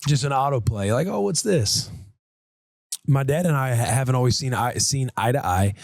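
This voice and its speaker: Steady mid-voiced man reading an email. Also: mid-range voice, brisk, no echo. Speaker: podcast co-host. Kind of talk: casual chat and reading a listener email. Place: podcast studio.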